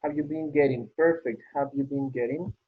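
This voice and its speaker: A man's voice: medium pitch, steady tone, a little fast, husky. A man teaching an English class online, patiently repeating praise as he works through the exercises. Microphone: video call. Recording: tinny phone-like call audio.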